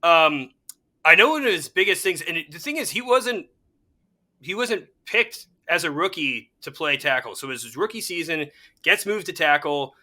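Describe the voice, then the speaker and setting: A young man co-hosting a casual sports chat, excitable and fan-ish, quick to laugh. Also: on the high side. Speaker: podcast co-host.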